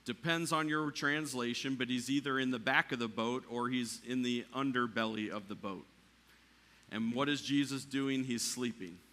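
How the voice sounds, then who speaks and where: A man preaching a sermon in a church, climbing to near shouting at the peaks and dropping quiet for the calm lines. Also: mid-range voice, normal speed. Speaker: pastor.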